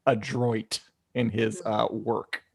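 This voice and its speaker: A man co-hosting a casual podcast, who speaks in a measured way with somewhat formal words. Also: on the low side, little pitch movement, vocal fry, breathy edge, no echo. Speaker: podcast co-host. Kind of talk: casual chat.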